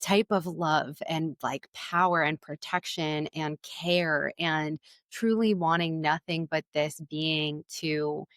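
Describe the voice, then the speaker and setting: A woman's voice: low voice, steady tone, slow, fairly bright tone, smooth, no room sound. A woman guest on a podcast, a Reiki practitioner, telling stories in an earnest, heartfelt way. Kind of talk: casual conversation.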